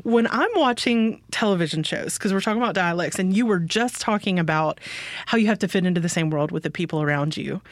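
A woman hosting a radio interview, friendly and chatty with quick asides. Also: fairly low pitch. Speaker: radio show host.

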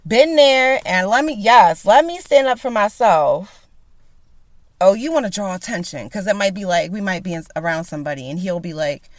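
A woman speaks live into her phone, sharing her own experiences in an animated, emphatic way that swings from quiet reflection to loud disbelief as she acts out past arguments. Her voice sits at a middle pitch. The recording is dry and close, with no room sound. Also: dry recording. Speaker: host of a live social media discussion. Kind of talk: emotional personal storytelling.

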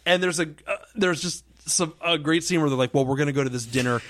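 A man's voice: fairly high pitch, quick pace, fairly bright tone. A man co-hosting a casual podcast, telling a rambling story, laughing often and acting out the lines of the people he quotes. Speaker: podcast co-host.

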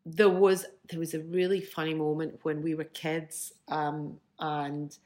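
A woman in her fifties with a slightly low voice, talking as an interview guest. She tells her stories in a lively, chatty way and often laughs along the way. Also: unhurried. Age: 50s. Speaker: guest, musician. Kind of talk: casual storytelling.

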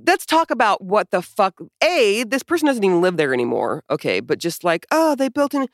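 A woman co-hosting a podcast, talking in casual chat. She is sarcastic and profane, and her pitch swings widely. The sound is close and dry. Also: animated, brisk, no echo. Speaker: podcast co-host.

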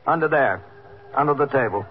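An actor playing a stern police captain in a 1950s radio drama, questioning people in a brusque, clipped way. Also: male voice, mid-range voice, lively intonation, a little fast, natural voice. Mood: probing. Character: stern, commanding police captain, middle-aged man. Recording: muffled old radio broadcast with hiss.

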